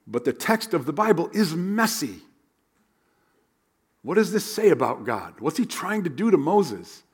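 A man preaching a sermon as a pastor, animated and conversational, sometimes dropping to a hush. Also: on the high side, measured pace, slightly rough.

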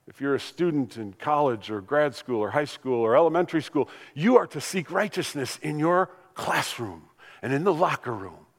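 An older man, a pastor, delivering a sermon that swings between loud emphatic lines and hushed ones. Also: a little high, animated, moderate pace, in a large hall.

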